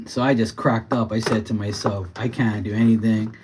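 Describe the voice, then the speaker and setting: A man's voice: fairly low pitch, heavy background noise. A man livestreaming from his home kitchen, chatting casually and ranting bluntly while he cleans up and preps lobsters. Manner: blunt, ranting, swears freely.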